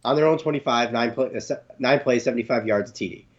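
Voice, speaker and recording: A man's voice: mid-range voice, fast talker, highs cut off. A man co-hosting a sports stream in casual chat, laughing often and stammering. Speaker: co-host.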